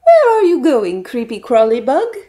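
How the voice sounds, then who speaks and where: A woman puts on a puzzled little ant from a children's storybook, questioning everything with disbelief. Her voice is high and lively. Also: normal speed.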